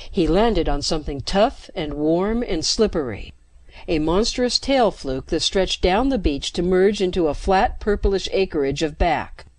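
A woman narrating a science fiction story with steady, dramatic pacing into a close mic. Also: lowish voice, dry recording. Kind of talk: scripted narration.

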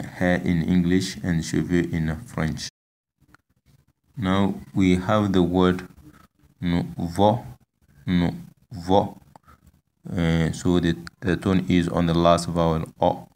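A man with a very deep voice gives a language lesson, speaking slowly and flatly. He repeats each word with patience and pauses often to hesitate. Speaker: language teacher. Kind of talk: slow spoken language lesson.

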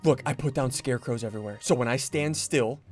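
A young man hosting a gaming video, giving excited, giggly commentary to his viewers as he plays. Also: mid-range voice, fast, music in the background. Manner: hyped, giggly, talks to viewers while playing.

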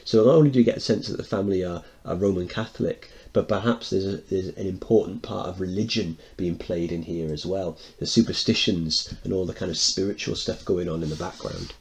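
Teacher guy reading a play and explaining bits, lowish, kinda husky. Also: fairly quick, hardly any pauses. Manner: explanatory, quiet asides. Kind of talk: dramatic reading with analysis.

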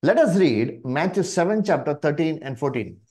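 A man with an Indian English accent teaching a Bible study in a sermon style, speaking haltingly with many fillers and calling the listeners "dear brethren". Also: on the high side, sing-song, mellow. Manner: slow, halting delivery with many "uh" and "you see" fillers.

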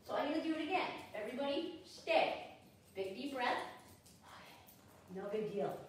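Woman dog trainer, high voice, snapping quick commands between explaining stuff, echoey room, kinda far from the mic. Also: animated, a little hiss or hum. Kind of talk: hands-on training demonstration. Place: indoors at home with dogs.

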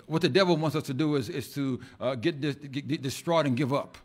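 A pastor, male and mid-range in pitch, preaches a heated sermon in a church at a fairly quick pace. Loud bursts give way to whispered asides, and repeated words crop up often.

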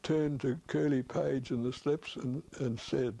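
An older man recalls a match slowly and deliberately, stumbling now and then over words. His voice is mellow and darkish, with a husky grain. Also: mid-range voice, steady tone, rough recording. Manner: deliberate, halting. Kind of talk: documentary recollection.

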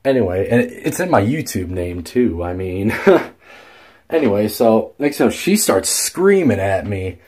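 A young man with a somewhat low voice tells a story in a casual vlog. He rambles, restarts his sentences and swears freely as he goes. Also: very animated, unhurried, a little mellow. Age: young adult. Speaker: vlogger.

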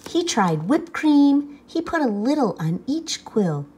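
Slow, lively woman reading a picture book. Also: sits high, slight background noise. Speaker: children's book reader. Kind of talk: read-aloud storytelling.

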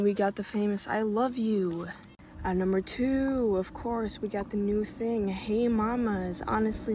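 A woman chatting to camera in a brash, crude, joking way. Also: on the high side. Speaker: TikTok creator. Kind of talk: casual chat to camera. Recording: noisy phone recording.

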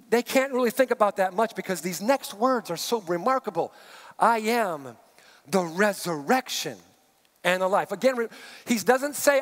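High-voiced pastor preaching in a reverberant sanctuary. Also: male voice. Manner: conversational, with asides and quick restarts. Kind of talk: sermon with scripture reading. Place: church sanctuary. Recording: long reverb of a large hall.

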